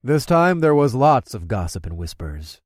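A man narrating a first-person audiobook in a steady, wry way. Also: medium pitch, moderate pace, no echo, clean studio sound.

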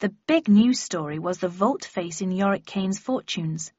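Brief: husky woman, first-person audiobook narration, dry close mic, dull sound. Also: mid-range voice, moderate pace, no echo. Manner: steady storytelling reading.

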